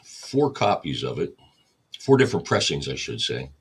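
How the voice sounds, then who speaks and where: Husky man cataloging records on a livestream. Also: extremely low pitch, normal speed. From United States. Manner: relaxed, explains each step while working. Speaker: record store livestream host. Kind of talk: casual livestream narration.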